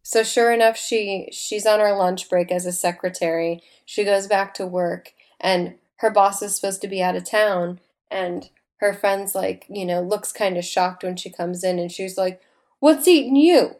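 A young woman in casual chat, retelling a film scene by scene with lively acted-out lines and casual swearing. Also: mid-range voice, moderate pace, hardly any pauses. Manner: animated, acts out characters, swears freely.

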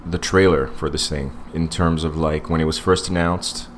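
A man's voice: very deep voice, steady tone, moderate pace, slight background noise. A man in his forties co-hosting a casual podcast movie review, rambling with many fillers and restarts. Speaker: podcast co-host.

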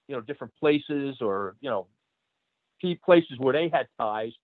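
A man's voice: mid-range voice, no room sound. Rambling ex-wrestler man on a tinny line. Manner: rambling, many fillers, laughs through stories. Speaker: retired pro wrestler guest. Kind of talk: casual storytelling interview.

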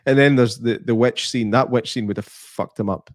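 Wry man, deadpan banter. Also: mid-range voice, moderate pace, no echo, clean studio sound. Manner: wry, deadpan jokes with frequent swearing. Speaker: podcast co-host. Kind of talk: casual chat.

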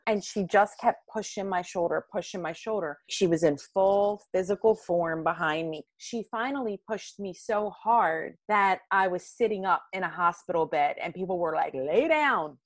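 A woman in her fifties, a podcast guest, telling a personal story in a lively way and acting out quoted lines. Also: mid-range voice, a little slow, few pauses, no room sound. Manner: animated, acts out quoted lines.

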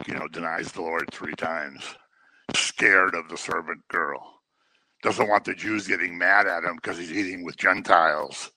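A man's voice: deep voice, background noise. A man preaching a conversational sermon, full of joking asides and everyday stories.

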